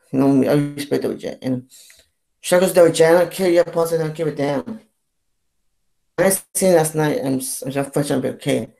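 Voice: medium pitch, gravelly, darkish tone. Fed-up young vlogger ranting. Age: 20s. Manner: fed-up, rambling and repetitive, with swearing and false starts. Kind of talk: ranting vlog monologue.

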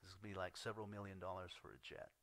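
Earnest bright-voiced male pastor. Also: deep voice, flat delivery, fast talker, dry recording. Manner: earnest, swings between loud emphasis and hushed asides. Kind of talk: sermon.

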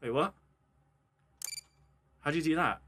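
A man's voice: on the high side, measured pace, sharp tone, a little hiss or hum. A man chatting casually while playing, laughing and yelping, heard a bit off-mic. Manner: laughing, startled yelps. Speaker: co-host friend. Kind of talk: casual gaming chat.

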